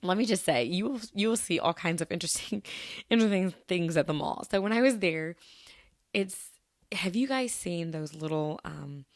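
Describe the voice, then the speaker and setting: A woman's voice: on the low side, animated, moderate pace, no echo. Woman podcaster just chatting, rambly storyteller, dry close mic. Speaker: podcast host. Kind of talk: casual solo podcast chat.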